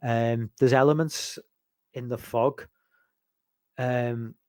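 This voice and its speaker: A man's voice: mid-range voice, steady tone, takes it slowly, mellow, smooth, dry recording. A man from England chatting casually about horror films, rambling and hesitant, with lots of ums and restarts. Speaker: podcast host.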